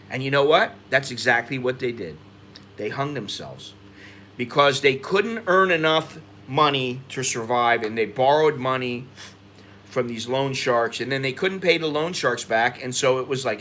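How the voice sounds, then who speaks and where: An American man hosting a casual livestream, venting with frustration and climbing in pitch as he gets worked up. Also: expressive, unhurried, a bit bright, a little hiss or hum. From United States. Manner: frustrated venting, rising in pitch when agitated. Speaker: expat livestream host.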